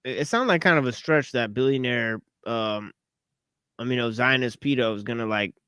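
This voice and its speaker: A man's voice: mid-range voice, moderate pace, pushed and bright, clean tone, no room sound. A man hosting a podcast in casual chat, hesitant and full of fillers, sounding incredulous. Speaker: podcast host.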